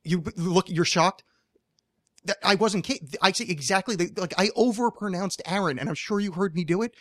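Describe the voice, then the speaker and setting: A man's voice: sits high, normal speed, fairly bright tone, no echo. A man hosting a podcast in casual chat, from the US East Coast, rambling and swearing with many restarts, on a close studio mic. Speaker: podcast host.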